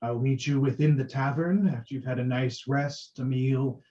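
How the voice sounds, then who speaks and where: A man voicing a haughty, aloof male high elf who speaks slowly and with measured care, in a tabletop game. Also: fairly even intonation, mellow, recorded from a distance, close to an everyday voice. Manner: slow, measured. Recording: dull lo-fi audio.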